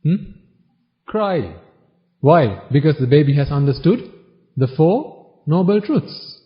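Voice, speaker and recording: A man's voice: on the high side, animated, takes it slowly. A man giving a Buddhist sermon, teasing his listeners with one question after another in a wry tone. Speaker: Buddhist preacher. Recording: dull lo-fi recording.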